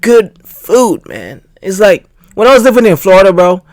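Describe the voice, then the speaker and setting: A man reacts to a clip in loose, chatty bursts, full of slangy asides. His voice sits a touch high and swings up and down a lot as he talks. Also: sing-song, moderate pace, a little mellow. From Jamaica. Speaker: video reactor. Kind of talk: casual reaction commentary.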